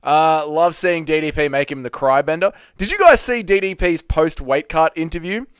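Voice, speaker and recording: A young Australian man runs a relaxed livestream, chatting through viewer comments, saying hello to people by name and swearing freely. His fairly high voice moves at normal speed with a clear, resonant tone, captured at studio quality with no room sound.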